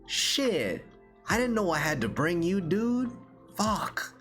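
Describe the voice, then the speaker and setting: A man's voice: high voice, very animated, takes it slowly, a bit bright, faint music behind, pitched above the performer's own voice, exaggerated voice. A man putting on the voice of a careless, slangy male tow truck driver who swears a lot. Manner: drawling, slang-heavy, swearing.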